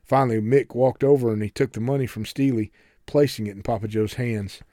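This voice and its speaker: A man narrates a novel chapter in a steady, measured storyteller's voice. His tone is mellow and warm. The recording is dry and close. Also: mid-range voice, no echo. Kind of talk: audiobook narration.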